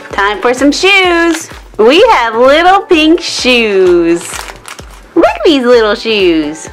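A woman's voice: high voice, a bit bright. A woman narrating toy unboxing and doll play in a cheerful, sing-song way, with music underneath.

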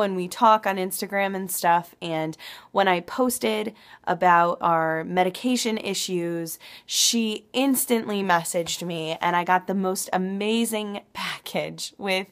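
A young woman talking at home in a personal video diary, emotional and halting, with many pauses and restarts. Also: mid-range voice. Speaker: vlogger.

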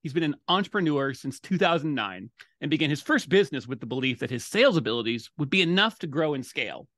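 A man hosting a coaching podcast, who greets his guest cheerfully and warmly. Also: on the high side, expressive, quick pace, dry recording, studio quality. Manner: cheerful, effusive. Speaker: podcast host. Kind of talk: podcast interview.

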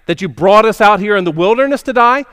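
Furious, frightened runaways shouting their complaints, as a preacher voices them. The voice rises in pitch and volume. It sounds loud and accusing. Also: male voice, lively intonation, fast, clear, resonant tone, in a large hall. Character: angry frightened crowd of runaway slaves.

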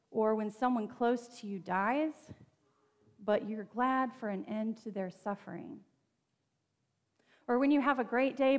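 A woman pastor preaches in a conversational, earnest tone, turning to her listeners with little asides. Her voice sits in a middle register. Long reverb from the church room trails behind her words. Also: mid-range voice. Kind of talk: sermon. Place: church sanctuary.

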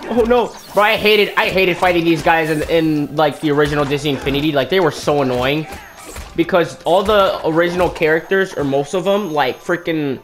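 A man talks through his gameplay in a casual, chatty way and reacts with quick surprise. His voice sits a little high. Game music plays clearly behind him. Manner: chatty, easily surprised, says "dude" a lot. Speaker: gaming commentator. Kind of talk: casual let's-play commentary.

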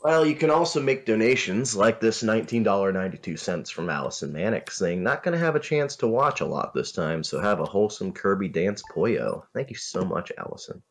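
A man's voice: on the low side, lively intonation, brisk, hardly any pauses. A man chatting casually as co-host of a charity gaming stream, joking and laughing often. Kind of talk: casual chat.

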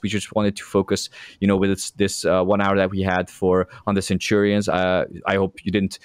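Low-voiced rambling podcast co-host. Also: male voice, no echo, clean studio sound. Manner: rambling, many fillers and restarts. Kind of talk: interview conversation.

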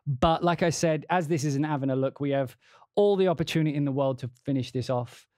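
Male composer on a stream, slightly higher voice, loose and chatty, scats the rhythms out loud. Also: fast, no echo, studio quality. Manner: rambling, hums and scats rhythms aloud. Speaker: composer demonstrating a sample library. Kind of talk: casual livestream walkthrough. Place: home studio at a keyboard.

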